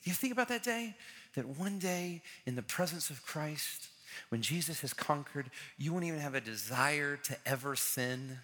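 A man preaching with a lively, swooping delivery and a bright, forceful edge to his voice. He hammers home phrases by repeating them and acts out the people in his story. His voice rings through a large church with a long reverb tail. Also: on the high side, normal speed. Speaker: pastor. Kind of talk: sermon.

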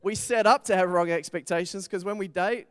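A middle-aged pastor delivering a sermon with a smooth, resonant voice pitched a little higher than most men. He talks it through like a conversation, weaving in stories from his own family life. The sound is close and dry, with almost no room echo. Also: fairly quick, a bit bright. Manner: conversational preaching with personal stories. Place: church.

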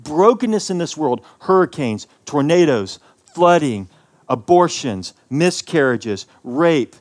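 A male pastor from the American South delivering a sermon, preaching with passion and sweeping from loud peaks to hushed lines. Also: on the high side. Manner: impassioned preaching with big swings in loudness.

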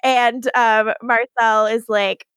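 A woman co-hosting a podcast, recapping scenes in casual chat, acting out the dialogue in quick paraphrase, swearing and laughing often. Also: a little high, little pitch movement, fairly bright tone, clear, resonant tone, no echo, clean studio sound. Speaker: podcast co-host.

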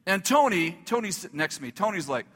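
A male pastor telling a story in a sermon, animated, acting out the dialogue and laughing as he goes. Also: sits high, quick pace, slightly rough, big-room sound, faint music behind.

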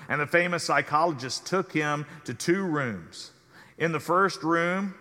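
Male pastor, sermon, bright and slightly high, measured cadence, long church reverb. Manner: measured preaching cadence, drops soft at phrase ends.

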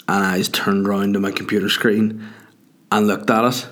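A man's voice: fairly low pitch, level tone, a little fast, a bit bright. A man hosting a podcast, telling a rambling comic story full of swearing, with constant "you know" and "do you know what I mean". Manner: profane, joking, digressive storytelling. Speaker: podcast host.

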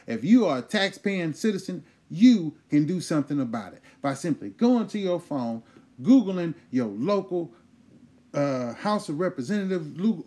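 A man hosting a comedy podcast, ranting loudly and profanely in a casual, riled-up way. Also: a little high. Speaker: host.

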